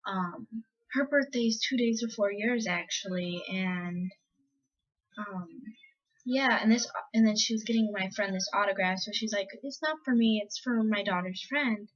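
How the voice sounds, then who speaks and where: A woman's voice: mid-range voice, unhurried. A teenage girl vlogging, telling a story casually with many fillers and acted-out quotes. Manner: chatty, lots of "like" and "um", acts out quotes. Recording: slightly dull lo-fi audio.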